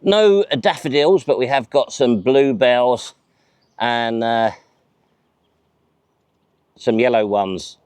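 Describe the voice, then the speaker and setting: A man's voice: medium pitch, takes it slowly, pauses often, a little mellow, clean tone, no echo. A man hosting a vlog outdoors in a park, chatty, enthusiastic and self-mocking as he presents to camera. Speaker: vlog host.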